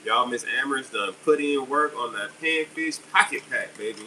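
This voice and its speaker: A middle-aged man hosts a casual livestream selling fishing jigs, answering viewers' comments in a chatty, upbeat way. His voice is medium-pitched at normal speed. The low-quality recording is made from a distance, with a steady air conditioner hum behind him.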